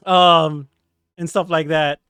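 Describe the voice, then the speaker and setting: High-voiced excitable male podcast host. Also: slow, smooth, no room sound. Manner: animated, excitable storytelling. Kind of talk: casual chat.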